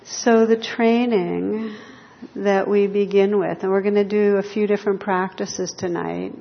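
A woman meditation teacher giving a gentle, reflective dharma talk to a group in a hall. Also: medium pitch, steady tone, unhurried, creaky. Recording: lo-fi hall recording with long reverb.

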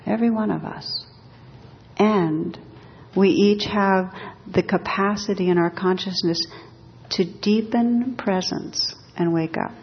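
A woman meditation teacher giving a dharma talk in a gentle, measured, reflective way. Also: lowish voice, husky. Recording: dull recording in a reverberant hall.

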